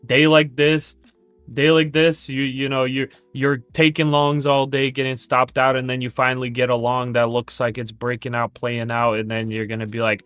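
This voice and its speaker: A man's voice: mid-range voice, level tone, moderate pace, a bit bright, clean tone, no room sound, faint music behind. A man hosting a day trading livestream, chatting casually and jokingly, with many stammered restarts.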